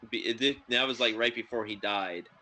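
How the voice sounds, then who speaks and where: A man's voice: medium pitch, brisk, poor audio. A man hosting a podcast, chatting casually about films in a rambling way, full of fillers. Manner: rambling, filler-heavy, excitable. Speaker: podcast host. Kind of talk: casual film review chat.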